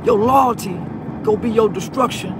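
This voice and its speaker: Tearful high-voiced man, stammering. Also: moderate pace, noisy background. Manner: stammering repetitions, heartfelt and pleading. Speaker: online personality addressing a peer. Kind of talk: emotional direct-to-camera monologue.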